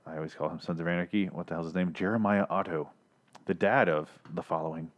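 Man, lowish voice, podcast host, rambling recap, sarcastic, swears a lot, restarts sentences. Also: fairly even intonation, fast, muffled recording. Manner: profane, sarcastic, self-interrupting. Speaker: podcast host reviewing TV episodes. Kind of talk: casual rambling review.

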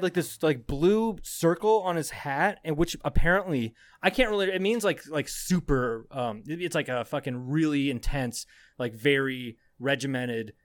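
A young adult man, a podcast co-host, spins a loose, rambling story in casual chat, swearing freely and breaking into laughter. His voice sits somewhat high for a man. It is recorded close and dry, with no room sound. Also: no room sound.

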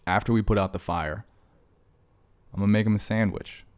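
Smooth and a little mellow, this man's lowish voice holds a steady tone at a moderate pace. He's a vlogger talking casually to camera, joking and rambling as he drifts between stories.

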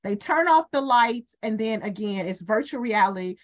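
A woman co-hosts a relaxed faith conversation, her voice pitched somewhat high and swooping widely up and down. She tells her stories with energy, slipping into the voices of the people she describes. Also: moderate pace. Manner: animated storyteller, acts out voices. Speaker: podcast co-host. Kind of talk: casual faith talk.

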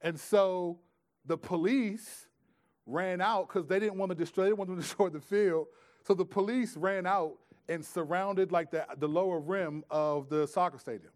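A man preaching a sermon in a conversational way, swinging from loud, pressing emphasis to hushed, quiet asides. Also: high voice, moderate pace. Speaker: pastor.

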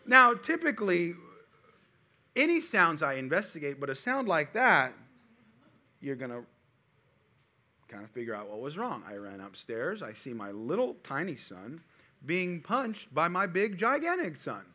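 A middle-aged man preaching a sermon to a congregation, with animated call-and-response delivery. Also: fairly high pitch, measured pace, long pauses. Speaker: pastor.

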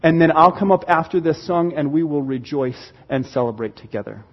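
Man, pastor, sermon, lively storytelling, high husky voice, dull lo-fi recording. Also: fairly quick. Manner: animated storytelling, acting out excited reactions. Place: church sanctuary.

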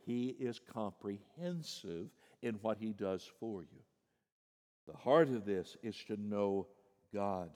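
A middle-aged man preaching a sermon as pastor, dropping low and quiet, then rising sharply in pitch and volume for emphasis. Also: slow pace. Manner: swings from soft and low to loud, high-pitched emphasis. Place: church sanctuary. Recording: long hall reverb.

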